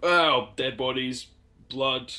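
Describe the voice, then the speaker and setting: A man playing a tabletop game, speaking in a measured, dry way with many hedges. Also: medium pitch, pushed and bright. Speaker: player. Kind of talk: casual in-character game talk.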